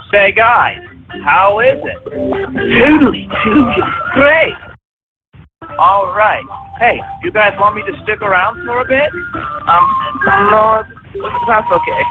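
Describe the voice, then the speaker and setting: A man playing a peppy burger-joint founder. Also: exaggerated voice. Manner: peppy, folksy salesman pitch. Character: overeager male burger-joint founder in a radio ad. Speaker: fast-food founder in an ad. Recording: tinny lo-fi audio over loud music.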